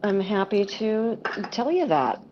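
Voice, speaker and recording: A woman's voice: mid-range voice, big pitch swings, measured pace. Woman, podcast guest, playful and bubbly, dull lo-fi line, faint hiss. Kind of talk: casual call-in chat. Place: at work, no camera.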